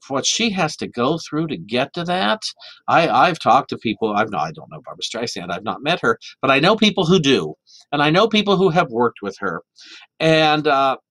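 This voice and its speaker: A man preaching a sermon in a conversational, animated way, with lots of restarts and playful voices for the people he quotes. The sound is close and dry, with almost no room in it. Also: mid-range voice, no echo. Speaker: minister. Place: church sanctuary. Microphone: microphone.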